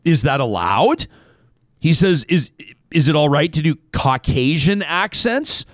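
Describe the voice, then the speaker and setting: A man's voice: on the high side, very animated, unhurried, no room sound, clean studio sound. A man hosting a casual talk show, reading out a listener email and wandering off on tangents.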